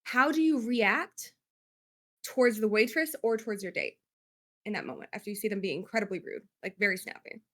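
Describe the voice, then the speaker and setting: This is a woman who grew up in Spain, hosting a relaxed show for gamers. She calls the contestants sweet pet names and winds her way through long, loose questions. Her voice sits at an ordinary middle pitch. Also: fast talker. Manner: affectionate, rambling, fillers like "like". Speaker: game show host. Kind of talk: casual question-asking.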